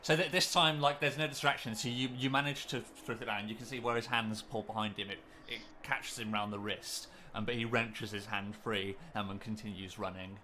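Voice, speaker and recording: Bright-voiced man running a tabletop game. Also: lowish voice, fairly even intonation, brisk, few pauses, a little hiss or hum. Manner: hesitant, lots of ums and restarts. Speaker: game master.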